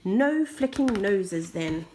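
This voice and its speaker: A woman's voice: medium pitch, animated, slow, darkish tone. A woman reading aloud voicing a patient, firm mother in a children's story. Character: patient mother of a busy family.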